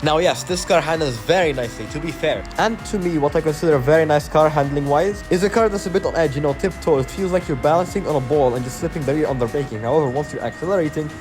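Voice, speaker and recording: A man's voice: a little high, fast talker, few pauses. A man giving a matter-of-fact voice-over that explains his sim race. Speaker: sim racing channel host. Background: background music.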